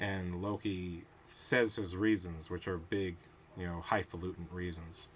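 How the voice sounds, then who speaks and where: A man with a somewhat low voice talks through a TV episode in loose, analytical commentary. He thinks aloud, restarts his sentences and happily wanders off on tangents. A faint hiss sits under his voice. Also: flat delivery, unhurried. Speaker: show host reviewing a TV episode.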